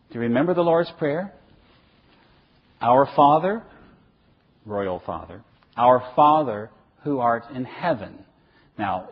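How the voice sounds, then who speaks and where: Husky, animated man preaching. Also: lowish voice. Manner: animated, emphatic, asks and answers his own questions. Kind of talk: sermon lecture. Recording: dull lo-fi recording.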